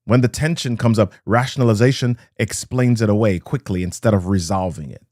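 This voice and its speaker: A man's voice: fairly low pitch, brisk, darkish tone, no echo, studio quality. A man giving a live motivational talk to online viewers. He speaks in rhythmic phrases, repeats key lines and greets viewers by name.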